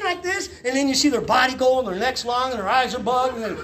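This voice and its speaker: A man in his fifties, a pastor telling a story from his past in a sermon, animated, laughing and shouting out the lines he quotes. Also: extremely high pitch, brisk, hardly any pauses, a crowd in the background. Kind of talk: sermon testimony. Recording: echoey room with faint ambience.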